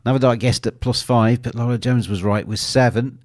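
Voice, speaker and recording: A man's voice: medium pitch, steady tone, fairly quick, a little mellow, no echo, studio quality. A man hosting a live football betting show, commenting on a match and teasing his co-host while reading viewer comments aloud.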